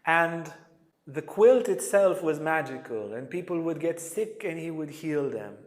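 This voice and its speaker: Brief: lively male yoga lecturer, slightly high voice, long hall reverb. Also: a little slow. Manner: animated storyteller, acts out quotes. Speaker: yoga teacher. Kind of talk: storytelling lecture. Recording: echoey hall.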